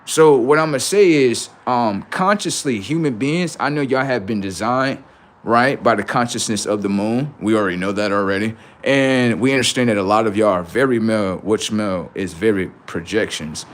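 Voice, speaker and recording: Speaking casually and with slang, a male livestream host preaches through rhetorical questions and plays out both roles in imagined back-and-forths. His pitch is fairly low and his pace moderate.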